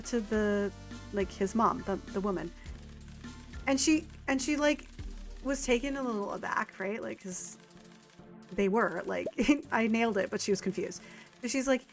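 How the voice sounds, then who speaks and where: A woman's voice: on the high side, animated, a bit bright. Chatty woman streaming a game. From Canada. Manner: rambling and chatty, with filler words and quick laughs. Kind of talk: casual chat while playing a farming game. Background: faint game music.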